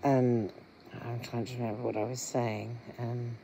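A middle-aged vlogger, talking earnestly and haltingly to viewers with many pauses. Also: mid-range voice, little pitch movement, creaky, warm tone, a little hiss or hum, low-quality recording. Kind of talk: candid personal vlog talk.

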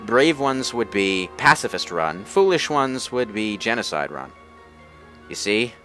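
A man hosting a let's play, making quick wry asides and dry jokes as he plays. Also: fairly low pitch, very animated, fairly bright tone, soft background music. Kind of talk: casual gameplay commentary.

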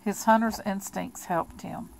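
A woman reading a novel aloud in a plain, steady amateur style with small restarts. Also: medium pitch, measured pace, gravelly, slight background noise, poor audio. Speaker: audiobook reader.

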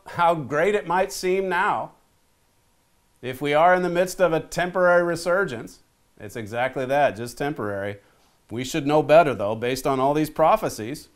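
A man preaching a sermon, reading scripture aloud and urging his listeners with earnest conviction. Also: medium pitch. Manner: earnest, urgent, reads scripture aloud then exhorts. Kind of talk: sermon-style Bible teaching.

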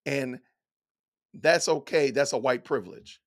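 A man's voice: mid-range voice, a little slow, a bit bright. A middle-aged man reading lines from an essay aloud and reacting with incredulous, folksy rhetorical questions. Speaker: commentator.

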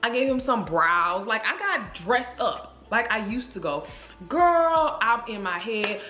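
A woman vlogger telling a story to her viewers in a chatty, animated way, speaking straight to the camera. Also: medium pitch, a little slow. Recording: roomy echo.

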